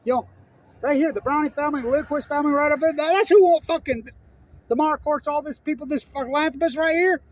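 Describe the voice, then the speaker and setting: A middle-aged Utah man delivers an unscripted, angry political rant in a very high voice, talking fast on a dry recording. He swears freely, rambles, and jumps heatedly from one topic to the next.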